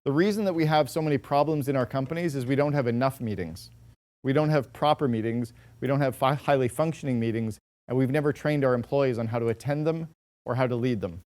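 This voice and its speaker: A man's voice: medium pitch, brisk, darkish tone. A man giving a motivational business talk to a live audience, direct and emphatic, with punchy short lines. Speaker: speaker addressing an audience.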